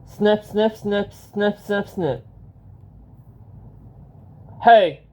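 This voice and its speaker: Slow mellow reader for a storybook, steady delivery, lo-fi sound. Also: mid-range voice. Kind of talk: storybook narration.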